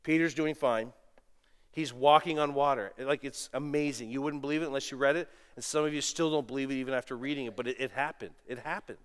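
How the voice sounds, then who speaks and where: A middle-aged man preaching a sermon, animated, moving between loud exclamations and quiet asides, telling stories with self-deprecating humor. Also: mid-range voice, fast, clean tone. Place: church sanctuary. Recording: long reverb of a church hall.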